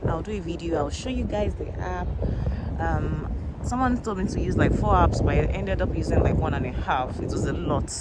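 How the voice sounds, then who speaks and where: A woman's voice: low voice, moderate pace. A woman in her thirties with a Nigerian accent, chatting casually to a phone camera as a vlogger and thinking aloud. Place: outdoors on a busy street, later at home. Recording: street traffic noise behind.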